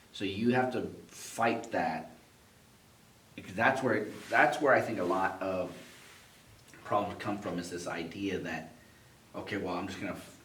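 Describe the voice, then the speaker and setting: A man's voice: fairly low pitch, a bit bright, recorded from a distance. A man talking as a podcast co-host and father, giving earnest advice in a casual way. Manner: earnest, advising, lots of "yeah" backchannels. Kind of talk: casual chat. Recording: roomy, off-mic, faint hiss.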